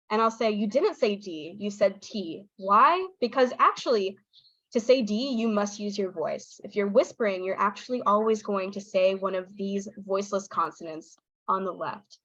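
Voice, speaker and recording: A woman's voice: a little high, lively intonation, normal speed, a bit bright, no room sound, dull audio. Woman teaching pronunciation over a video call. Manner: clear, explanatory, acts out student replies. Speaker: teacher trainer. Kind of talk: online teaching presentation.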